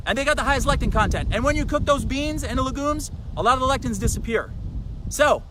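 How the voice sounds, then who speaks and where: A man with a fairly high voice talks fast and emphatically, rambling from point to point like a fitness vlogger preaching to his viewers. He is outdoors, with faint traffic and street sounds behind him. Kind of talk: casual talking-to-camera vlog.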